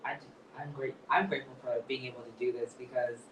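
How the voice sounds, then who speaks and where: A man interviewing a poet onstage, asking earnest, halting questions with frequent restarts. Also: mid-range voice, level tone, roomy sound, distant mic, noisy background.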